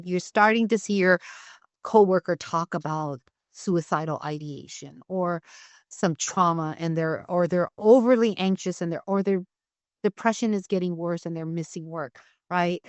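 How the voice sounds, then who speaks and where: A woman trainer talks through de-escalation tips in a relaxed, conversational way. Her voice sits on the low side, and the recording is dry with almost no room sound. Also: no room sound. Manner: conversational, repeats "right?" to check in. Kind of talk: training talk.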